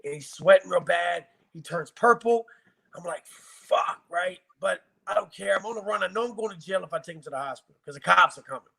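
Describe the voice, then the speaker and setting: A man's voice: high voice, quick pace, gravelly, bright, forceful tone. A man from Virginia bluntly recounting hard times in a casual, profane, emotional interview. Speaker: guest telling his life story.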